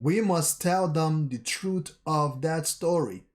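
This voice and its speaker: A man vlogger recapping a manga chapter in a casual way, telling the scenes with pauses and correcting himself as he goes. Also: a little high. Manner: recounts scenes haltingly, with pauses and self-corrections.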